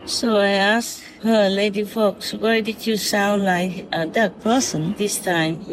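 A speaker talking gently and affectionately in a spoken diary, soft-spoken and unhurried. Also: medium pitch, steady tone, faint music behind, poor audio.

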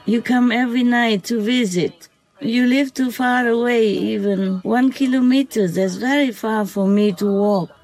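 A spiritual vlogger speaking gently at night to an unseen animal, softly giving blessings and often asking "okay?", then calmly recounting their day. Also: medium pitch, rough recording. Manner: soft, slow, affectionate blessings with repeated "okay?".

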